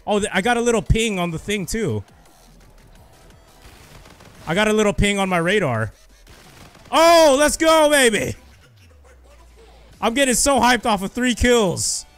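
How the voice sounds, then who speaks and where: A young man giving excited live commentary over his own gameplay, shouting and cheering when he gets kills. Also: high-pitched, normal speed, pauses often, soft background music. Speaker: gaming youtuber.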